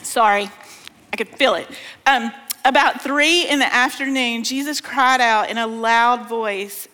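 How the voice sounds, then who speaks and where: A woman preaching to a conference crowd, her fairly high voice carrying a long reverb from a large hall. She talks in a folksy way, calls her listeners "y'all", and reads scripture aloud with feeling. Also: steady tone, unhurried, sharp tone. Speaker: speaker at a women's conference. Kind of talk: sermon.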